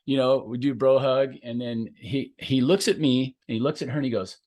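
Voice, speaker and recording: A man in his fifties, hosting a podcast chat, telling stories and acting out other people's lines. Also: brisk. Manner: animated, acts out quotes with big pitch jumps. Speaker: host and jump coach. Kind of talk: casual storytelling chat.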